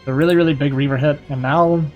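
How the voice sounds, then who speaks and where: A young man giving casual, quick play-by-play commentary on a strategy game match, a little hoarse and thinking aloud as he goes. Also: a little high, steady tone, dull audio, faint music behind. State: slightly hoarse, losing his voice. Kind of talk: live esports play-by-play commentary.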